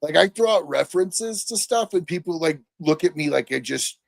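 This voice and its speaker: A man in his forties co-hosting a podcast, chatting casually and joking about himself in a rambling way, with a gravelly voice close to the mic. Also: a little high, animated, normal speed, no room sound. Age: 40s. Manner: self-deprecating, rambling. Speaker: podcast co-host. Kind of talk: casual chat.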